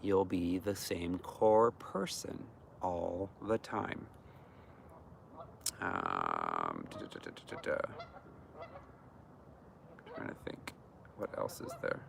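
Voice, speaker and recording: A man's voice: sits low, very animated, takes it slowly, creaky, pauses often, noisy background. A man giving an informal, earnest teaching talk on healing, speaking conversationally with many fillers. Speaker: deliverance minister.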